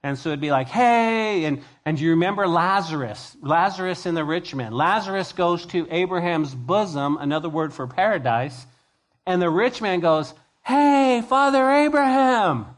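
A male pastor teaching a sermon verse by verse, conversational and expressive, moving from hushed to emphatic. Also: a little high, normal speed.

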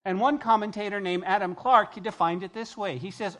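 A pastor preaching a sermon to a church congregation, emphatic, dropping from loud to hushed and acting out quoted voices. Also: medium pitch, fairly quick, hardly any pauses.

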